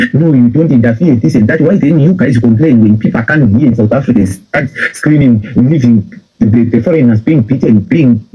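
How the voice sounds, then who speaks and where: A Zimbabwean man in full heated rant, scolding his listeners and hammering the same points again and again. His voice sits a little high for a man, yet it is husky and mellow in tone. The recording is dull and lo-fi. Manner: repeats phrases in heated rebuke. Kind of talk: impassioned political rant.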